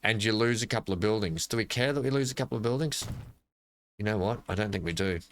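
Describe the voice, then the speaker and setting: A man's voice: lowish voice, fast talker, a little hiss or hum. An Australian man giving casual gameplay commentary as a channel host, rambling playfully and talking to himself as he builds.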